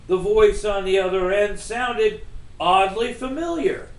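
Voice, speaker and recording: Author reading his novel aloud, high lively voice, slow, echoey room. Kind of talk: bedtime story reading.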